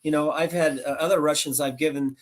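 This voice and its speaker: American guy in his 60s, kinda high voice, rambling stories on a video call. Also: a little fast. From United States. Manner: rambling, animated anecdote-telling with restarts. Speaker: guest. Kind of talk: casual storytelling interview.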